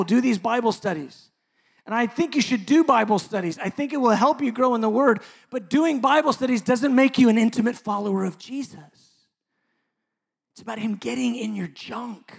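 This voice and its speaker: A high-pitched man preaching to his congregation. He moves from impassioned exhortation to soft, intimate asides. He sounds middle-aged and speaks with a pastor's conviction. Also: gravelly. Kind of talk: sermon.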